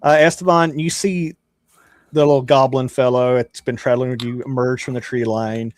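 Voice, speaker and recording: A man's voice: medium pitch, fairly even intonation, normal speed, no echo. Casual male game master, dry sound. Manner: casual, lots of fillers and restarts. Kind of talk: narrating a tabletop game.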